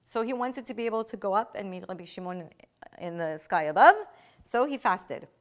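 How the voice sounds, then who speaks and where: A woman's voice: mid-range voice, expressive, normal speed. A woman lecturing a live class, stressing points by repeating them and asking rhetorical questions. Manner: emphatic, repeats key phrases, asks rhetorical questions. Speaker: teacher.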